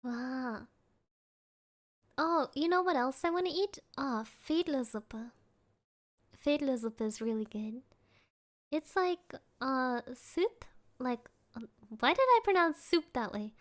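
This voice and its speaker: Young woman streamer, high unhurried voice, giggly, playful chat with viewers. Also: animated. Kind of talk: casual livestream chat.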